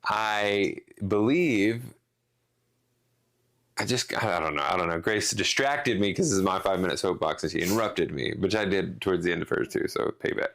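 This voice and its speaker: A man's voice: sits low, normal speed, a bit bright. A man co-hosting a casual podcast, rambling through a rant with restarts and some swearing. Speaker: podcast co-host.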